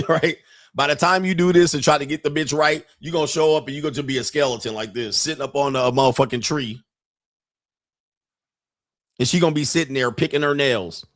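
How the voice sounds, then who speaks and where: A man's voice: a little high, brisk, pauses often, no room sound, clean studio sound. A man hosting a casual commentary show, reacting to clips in a profane, mocking way and laughing often. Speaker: host.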